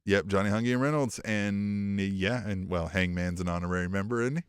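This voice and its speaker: A man's voice: lowish voice, fairly quick, clean tone, no room sound, clean studio sound. A man co-hosting a podcast in casual chat, rambling and profane, laughing often. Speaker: podcast co-host.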